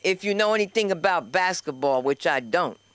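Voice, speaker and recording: An older woman with a New York accent, telling rambling stand-up stories on a comedy club stage in a loud, brash, self-deprecating way and chatting with the crowd. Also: fairly low pitch, lively intonation, normal speed, clear, resonant tone, no room sound.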